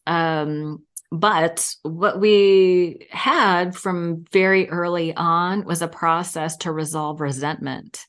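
A woman in her fifties talks as a podcast guest, her voice sitting slightly low. She tells candid, animated stories and breaks into laughter often. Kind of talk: casual interview chat.

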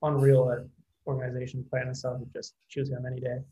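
A man's voice: mid-range voice, monotone, fast, dark tone, rough recording. A man in a casual interview, a rugby player answering questions in a laid-back way and laughing easily.

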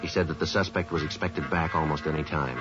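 A man's voice: a bass voice, fairly even intonation, fast. An actor playing a terse police detective who narrates his case in a clipped, matter-of-fact way, in a 1950s radio crime drama. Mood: clipped report. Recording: lo-fi old radio recording with music.

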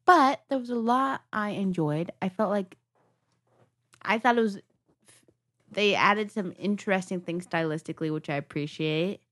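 A woman's voice: medium pitch, moderate pace, a bit bright. A young woman co-hosting a casual film review podcast, playful and jokey, sometimes dropping to a whisper. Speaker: podcast co-host.

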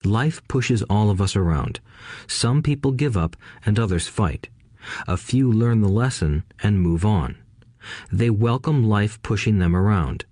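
A man giving steady, scripted audiobook narration. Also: on the low side, no echo, clean studio sound.

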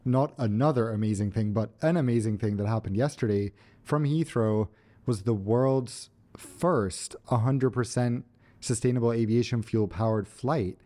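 Male podcast co-host, mid pitch, mellow tone, laid-back. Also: a little slow. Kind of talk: casual chat.

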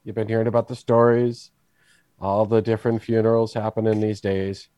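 Dude playing tired old-timey coffin maker, fake scottish accent, lowish voice, dry. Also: male voice, flat delivery, brisk, mellow, no room sound, lightly acted. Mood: weary. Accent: wobbly put-on Scottish. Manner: folksy, shifting put-on accent. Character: weary male village coffin maker, folksy.

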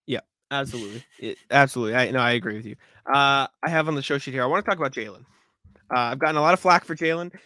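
Man, podcast co-host, casual chat, bright tone, dry recording, hiccups, rambling restarts. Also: medium pitch, no echo. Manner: rambling, quick restarts, frequent throat clearing.

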